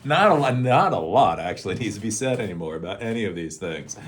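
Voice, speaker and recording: A man's voice: lowish voice, very animated, fast talker, a little hiss or hum. A man hosting a casual rant, rambling, swearing freely and often laughing. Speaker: host.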